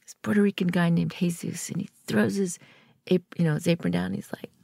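Low, gravelly woman telling a lively story. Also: fast talker, no echo, studio quality. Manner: animated storyteller, acts out quoted voices. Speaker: guest. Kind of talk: storytelling interview.

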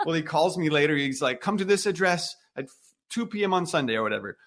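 A man in his thirties tells a story as a podcast guest, his voice sitting a little higher than most men's. He slips into quoted dialogue and plays out each exchange with energy. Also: animated, quick pace, a bit bright. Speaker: guest, missionary musician. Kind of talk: casual storytelling interview.

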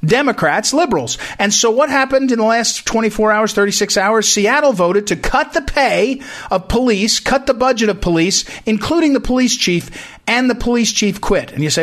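A man's voice: sits high, sing-song, moderate pace, a bit bright. A man hosting a talk show, delivering an emphatic political commentary monologue that repeats points and often restarts phrases. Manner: emphatic, repetitive, frequent restarts.

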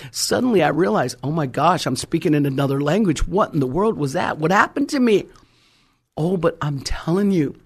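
A man's voice: high voice, creaky, a little mellow, husky. A man preaching a fervent sermon, emphatic and calling out to his congregation.

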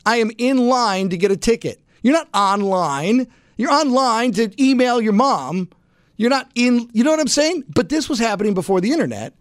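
A man's voice: extremely high pitch, lively intonation, fairly quick, no echo, studio quality. A man hosting a casual call-in radio talk show, full of asides and rhetorical questions.

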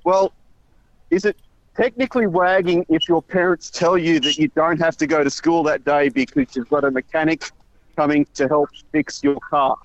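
Caller on a muffled line. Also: male voice, a little high, fairly even intonation, normal speed, no room sound. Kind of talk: phone-in call.

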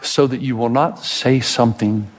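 A man preaching a sermon as pastor, dramatic, rising to loud high outbursts and dropping to slow hushed passages. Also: long reverb tail, very noisy.

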